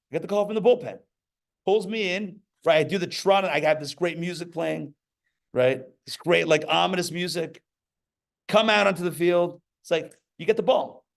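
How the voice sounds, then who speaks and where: A man giving a lively sermon as a rabbi at a live class, talking in an animated way with joking asides and acted-out quotes. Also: on the high side, gravelly. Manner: animated, acts out quoted voices, jokey asides. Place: live class before an audience.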